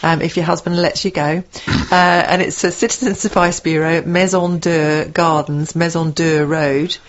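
A woman's voice: low-pitched, fairly even intonation, normal speed. Giggly woman radio co-host. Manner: giggly, teasing, laughs often. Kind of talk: casual radio chat reading listings. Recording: dull lo-fi radio sound.

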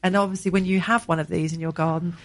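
A woman with an Essex accent and a slightly low voice. She talks briskly and keeps the chat moving with questions. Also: fairly even intonation, a little hiss or hum. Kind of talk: casual chat.

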